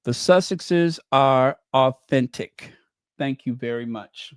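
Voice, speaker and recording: A man's voice: medium pitch, takes it slowly, smooth, no echo. A man hosting a livestream, reading out viewer comments and giving emphatic commentary that repeats key phrases. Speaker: livestream host.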